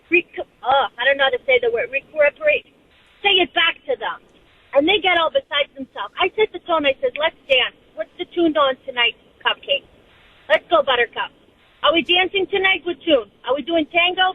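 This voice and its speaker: A woman with a Portuguese accent, a native Portuguese speaker from Portugal, calling in to a radio show and ranting in a heated, defiant way. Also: high-pitched. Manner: heated, defiant, rapid rant. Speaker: caller. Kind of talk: call-in radio talk. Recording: tinny phone line.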